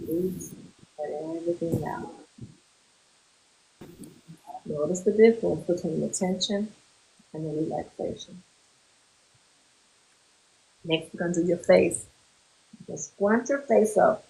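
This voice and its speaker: A woman therapist leading a group through a guided muscle relaxation exercise, giving slow, calm instructions with pauses. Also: on the low side, gravelly, poor audio.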